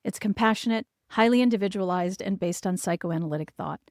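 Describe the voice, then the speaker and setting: A woman who hosts a parenting podcast as a child therapist, giving advice in a calm, gentle and reassuring way. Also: medium pitch, fairly quick, no echo, studio quality.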